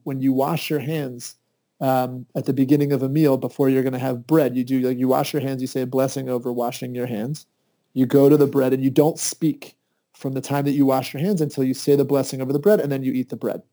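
A man telling a lively personal story in casual conversation, his voice jumping up excitedly when he quotes people. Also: fairly quick. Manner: lively anecdotes with high-pitched, excited quoted asides.

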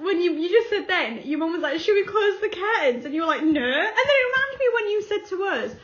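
Bright-voiced chatty woman. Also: extremely high pitch, big pitch swings, quick pace, dull audio. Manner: chatty storytelling, acts out quotes, laughs often. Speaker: podcast co-host. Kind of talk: casual chat.

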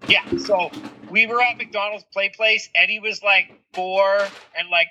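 High bright husky dad telling stories. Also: male voice, normal speed, slight background noise. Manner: animated storytelling, swears freely. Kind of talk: casual chat. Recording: dull lo-fi recording.

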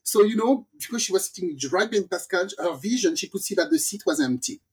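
A woman from the Caribbean hosting a podcast, telling a story in a lively, casual way and acting out the people in it. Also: mid-range voice, fast talker, slightly rough. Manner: animated storyteller, acts out quoted voices. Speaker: podcast host.

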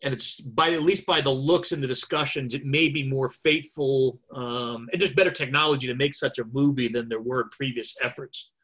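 A man's voice: mid-range voice, brisk, few pauses, a bit bright, breathy edge. A man chatting on a podcast over a video call, talkative and thinking aloud with many fillers. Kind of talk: casual chat.

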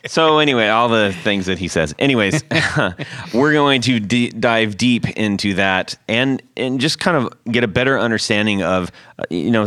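A man's voice: fairly low pitch, fairly bright tone, no room sound, studio quality. A man hosting a podcast in casual chat, joking and rambling, often laughing. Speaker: podcast host.

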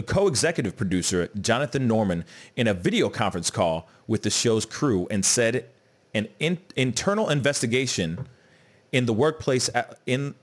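A man hosting a casual podcast, talking in a loose, animated way, peppered with "you know what I'm saying" and "bruh". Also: on the low side. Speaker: podcast host. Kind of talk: casual chat.

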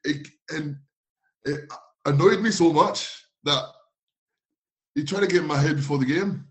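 A man from France with a French accent, a guest telling animated anecdotes in a casual interview, acting out quotes and laughing often. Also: on the high side, measured pace. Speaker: guest, former footballer.

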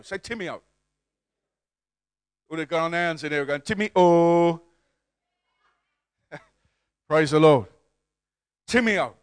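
A man preaching a sermon in a church with a high, bright voice. He coaxes the congregation to repeat after him and swells from easy talk to loud, fervent peaks. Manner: call-and-response preaching, swelling to shouts. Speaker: pastor.

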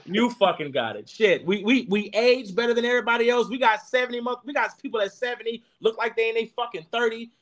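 A young adult man on a podcast panel, riffing in casual chat, profane and animated, full of restarts. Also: very high voice, fast talker, few pauses.

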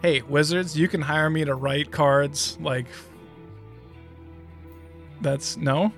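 A man guessing cards on a casual stream, talking in halting starts and cracking jokes. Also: on the high side, fairly even intonation, fairly bright tone, soft background music. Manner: halting, joking. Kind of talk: casual live-stream chat.

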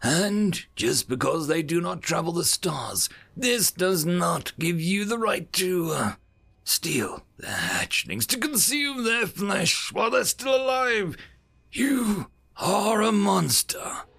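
A man's voice: fairly high pitch, huge pitch swings, normal speed, gravelly, few pauses, bright, forceful tone, husky, pitched above the performer's own voice, heavily acted. A man voicing an outraged bird-like alien envoy. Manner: indignant, accusing. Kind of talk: audiobook character voice.

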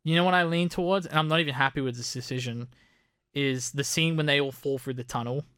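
A man's voice: medium pitch, quick pace, a bit bright, smooth, no room sound, studio quality. A young adult man co-hosting a casual film review podcast, laughing as he critiques dismissively. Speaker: podcast co-host.

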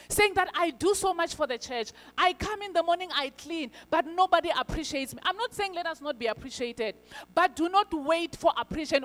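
A woman preaching a sermon in a church, telling stories with fillers and rhetorical questions. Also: high-pitched. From South Africa. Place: church hall. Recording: church service recording with reverb and faint music.

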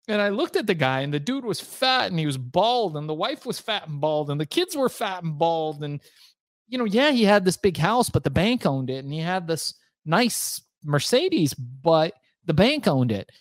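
A man from Iran, a guest author telling his story in a casual interview, animated and swearing freely, acting out other people's voices. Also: on the high side, moderate pace, no room sound, clean studio sound.

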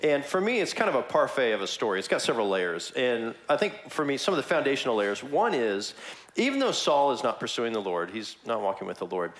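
A man in a casual church discussion, telling a Bible story with lively energy and acting out the people in it. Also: mid-range voice, a little fast, echoey room. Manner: animated storyteller, acts out quoted voices.

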